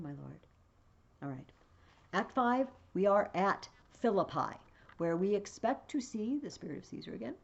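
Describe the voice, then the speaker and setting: A woman's voice: fairly low pitch, vocal fry, dull audio. A woman teaching a play, reading passages aloud with feeling and then explaining them in a casual way.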